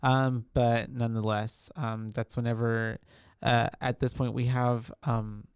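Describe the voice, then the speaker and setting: A man's voice: medium pitch, flat delivery, measured pace, smooth, no echo, clean studio sound. A man co-hosting a podcast, casually recapping a film scene by scene with lots of ums and quoted lines. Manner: retells scenes with acted quotes, many ums. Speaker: podcast co-host. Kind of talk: casual movie recap chat.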